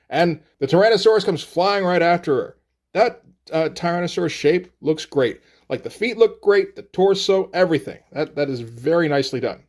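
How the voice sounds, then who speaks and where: A man casually recapping a comic book issue, laid-back and thinking aloud, with the occasional swear. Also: a little high.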